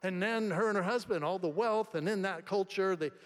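A man preaching a sermon in a conversational storytelling way, swinging between soft and emphatic delivery. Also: high voice, a little fast. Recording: long hall reverb.

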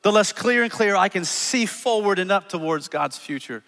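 A man preaches in an earnest, searching way, restarting phrases and easing down to a hush for the verses. His voice sits a bit high for a man. Long reverb from the church hall trails behind every line. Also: lively intonation, normal speed, gravelly. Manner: earnest, repeats words, drops soft for scripture. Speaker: pastor. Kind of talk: sermon. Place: church auditorium.

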